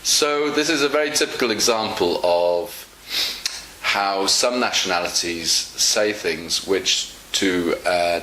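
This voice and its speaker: A male English teacher talks through a casual lesson, patient and full of fillers as he explains. His voice sits low, and his delivery is slow and measured. A roomy echo and faint background hiss surround him. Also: pushed and bright. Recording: echoey room with faint hiss.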